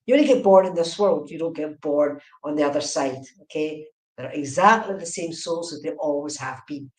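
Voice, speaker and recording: A woman giving fast, chatty psychic readings on a live stream, often checking in with okay and right. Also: sits low, reverberant, rough recording. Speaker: medium.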